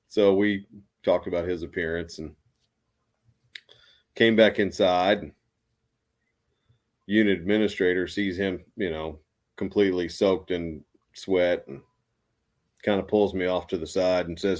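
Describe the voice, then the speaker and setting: A man's voice: sits low, steady tone, measured pace, pauses often, a little mellow. A man, an Army veteran, telling stories in a casual, rambling way with many restarts. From United States. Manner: rambling, lots of restarts and fillers. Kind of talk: casual storytelling.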